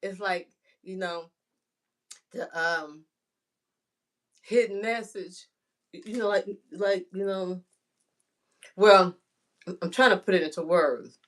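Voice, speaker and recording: A woman's voice: on the low side, slow, pauses often, fairly bright tone. A chatty woman sharing homespun thoughts on faith with her viewers in a casual vlog. She talks in a rambling way and keeps looking for the right words. She often checks in with "right?" and talks straight to the listener. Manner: rambling, searching for words, frequent "you know" and "right?". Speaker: vlogger.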